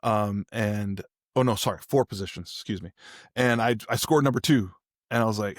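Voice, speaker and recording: In a dry, studio-quality recording, a man with a lowish voice hosts a podcast and speaks at normal speed. He shares a personal story in a casual, candid way, wandering and frequently starting over.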